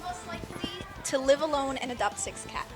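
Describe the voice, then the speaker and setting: A woman's voice: sits high, fairly quick. A woman interviewer reading out game questions lightly, with small fillers. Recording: music clearly behind.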